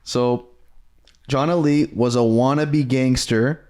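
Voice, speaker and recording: A man's voice: medium pitch, steady tone, takes it slowly, mellow. A young man co-hosting a podcast, chatting casually and reading comments aloud with an easygoing manner and a few hesitant fillers. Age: young adult. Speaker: podcast co-host.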